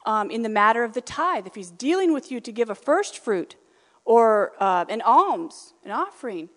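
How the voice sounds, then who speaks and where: Lady preacher, kinda high voice, chatty and lively, echoey hall. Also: moderate pace. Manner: conversational, animated, acts out quoted voices. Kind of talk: sermon. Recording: reverberant hall.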